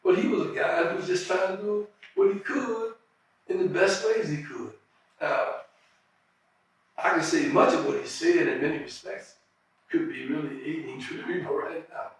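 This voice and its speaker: A man's voice: a little high, moderate pace, vocal fry, far from the mic. An older man being interviewed, telling stories earnestly and restarting his phrases as he goes. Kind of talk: reflective storytelling. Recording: very echoey room, off-mic.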